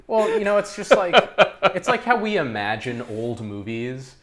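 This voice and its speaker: A man's voice: mid-range voice, normal speed. A man co-hosting a movie podcast, chatting casually with lots of fillers and laughter. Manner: animated, laughing, filler-heavy. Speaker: podcast co-host. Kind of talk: casual film chat.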